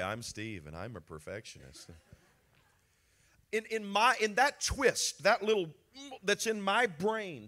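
A middle-aged male pastor preaching a sermon, swinging between soft, confiding talk and emotional outbursts. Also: high-pitched.

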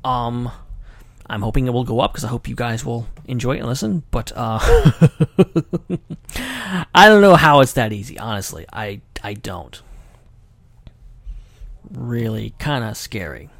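Rambling, gravelly man hosting a casual podcast. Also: mid-range voice, animated, moderate pace, fairly bright tone, no echo, studio quality. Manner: rambling, self-deprecating, jokey. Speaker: podcast host. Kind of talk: casual livestream chat.

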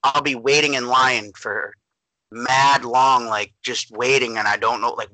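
A young man from Massachusetts, a podcast co-host in casual chat, animated and emphatic, laughing easily. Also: mid-range voice, unhurried, no room sound, rough recording.

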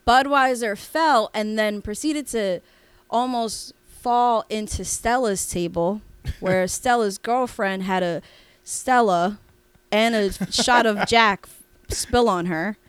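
A woman co-hosting a podcast, telling a story in a rambling, animated way with lots of fillers and restarts. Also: medium pitch, slow, clear, resonant tone, no echo. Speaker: podcast co-host. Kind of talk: casual storytelling chat.

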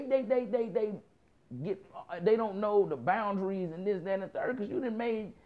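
Blunt, profane man ranting. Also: a little high. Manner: blunt, profane, emphatic with frequent repetition. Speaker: commentator. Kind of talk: casual opinion monologue. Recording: dull lo-fi sound.

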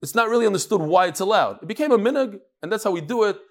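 A man teaching a Talmud class live, lively and joking, with Hebrew and Yiddish terms all through his talk. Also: sits high, rapid-fire. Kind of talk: daf lesson to a live class.

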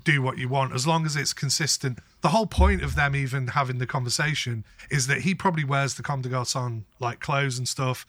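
A man's voice: medium pitch, a little fast, hardly any pauses, no echo. A man co-hosting a casual podcast, telling stories with lots of swearing. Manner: animated storytelling, heavy swearing. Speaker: podcast co-host. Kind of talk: casual chat.

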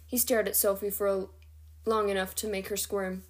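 A woman reading a novel chapter aloud in a steady, even narration. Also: medium pitch, normal speed. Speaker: reader.

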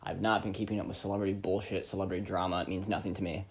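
A man's voice: low-pitched, level tone, very fast. A man hosting a casual reaction commentary, rambling with lots of fillers and breaking into profane rants. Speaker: commentary host.

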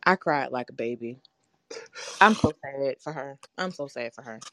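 Low-voiced woman in relaxed morning chat. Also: crowd noise. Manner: relaxed, halting with many ums. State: nervous. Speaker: podcast co-host. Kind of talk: casual morning check-in chat.

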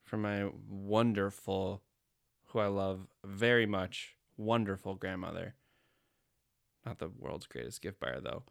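Laughing gravelly man chatting. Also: low voice, measured pace. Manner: joking, laughs often. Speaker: podcast co-host. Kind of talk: casual chat.

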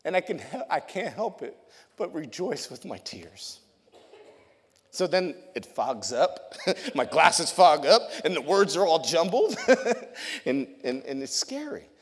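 A male youth pastor tells his story from the pulpit, his voice sitting a little high for a man. He keeps it lively, laughing often and doubling up his words. The sound rings out with a long reverb through the church hall. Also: slow pace, slightly rough. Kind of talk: testimony sermon to a congregation. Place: church sanctuary.

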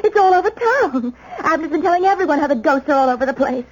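A woman's voice: sits high, lively intonation, fast, muffled recording. An actor playing an anxious, proper young woman with an earnest, genteel manner, in a 1970s radio drama. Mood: worried.

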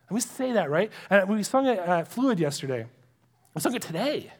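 Male pastor, high-pitched, conversational sermon delivery with hushed asides. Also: big pitch swings, moderate pace. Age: adult with young children. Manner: conversational and earnest, drops to a hush for emphasis.

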